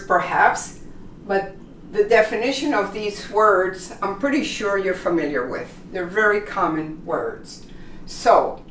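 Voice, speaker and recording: A woman teaching an English pronunciation lesson, patiently saying example words slowly and repeating them. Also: mid-range voice, slight background noise. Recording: echoey room, mic at a distance.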